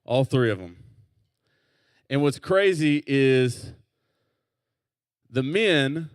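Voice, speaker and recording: A man, a youth pastor, teaching a Bible story to teenagers in a relaxed, conversational way and getting them to repeat words back. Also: medium pitch, extremely slow, smooth, no room sound. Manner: casual, leads call-and-response with the group. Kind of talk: youth group Bible lesson.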